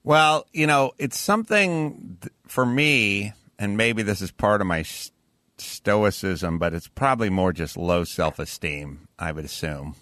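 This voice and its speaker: A man's voice: on the low side, unhurried, bright, forceful tone, dry recording, clean studio sound. A man hosting a podcast, telling rambling, profane anecdotes in casual chat. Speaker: podcast host.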